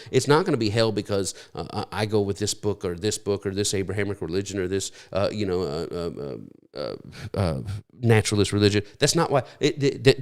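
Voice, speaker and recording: A middle-aged man preaching a sermon in a conversational, storytelling way with frequent restarts. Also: lowish voice. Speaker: pastor.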